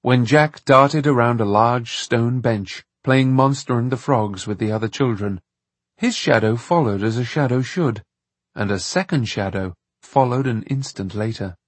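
A man narrating an audiobook with lively, expressive storytelling. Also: mid-range voice, unhurried, dry recording. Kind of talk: scripted narration.

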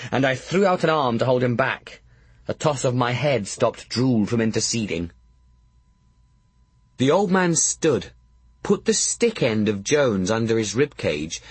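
A man's voice: medium pitch, slightly rough, no room sound. A man narrating a first-person audiobook in a wry, dry storytelling manner.

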